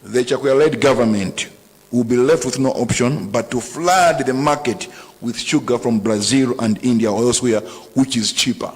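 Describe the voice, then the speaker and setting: Emphatic Malawian minister in a hall. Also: male voice, medium pitch, moderate pace. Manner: emphatic, defiant, mixes local language into English. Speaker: government trade minister. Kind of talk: press briefing statement. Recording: long hall reverb.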